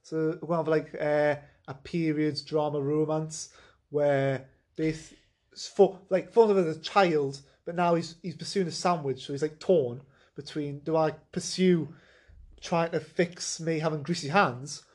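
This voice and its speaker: A man with a high-pitched voice riffs through a made-up film pitch in loose, rambling sentences. He often stops to ask "right?" and fills the gaps with "um." His delivery stays casual and improvised. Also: fairly even intonation, measured pace, darkish tone. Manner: rambling, keeps saying "right?".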